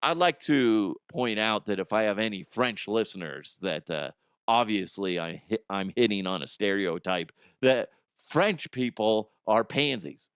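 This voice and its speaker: A middle-aged man hosting a comedic podcast monologue, telling stories animatedly and jumping into loud high exclamations. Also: expressive, a little slow, clean tone, dry recording, studio quality. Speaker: podcast host.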